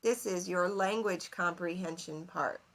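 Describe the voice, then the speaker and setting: A woman teacher giving a recorded lesson, explaining slowly and clearly and asking her students questions. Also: lowish voice, fairly bright tone. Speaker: seventh grade English teacher.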